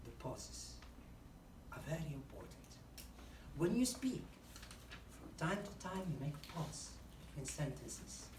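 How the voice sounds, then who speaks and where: Picked up by a distant mic in an echoey meeting room with faint ambience and background noise, a mid-range female voice teaches public speaking to a live group. She acts out examples as she goes and frequently says "you know."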